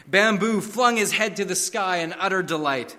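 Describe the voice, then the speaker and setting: A man's voice: sits high, moderate pace, sharp tone, big-room sound. A man preaching a sermon, telling stories and fables with a dramatic, varied delivery. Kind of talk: sermon with storytelling.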